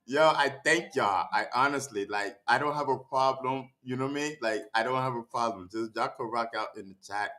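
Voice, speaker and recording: A man's voice: medium pitch, a little fast, few pauses, sharp tone. A man talking casually to his livestream chat, out of breath and catching his breath, with heavy sighs, stammered restarts and frequent checks like "you know what I mean". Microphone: streaming setup mic.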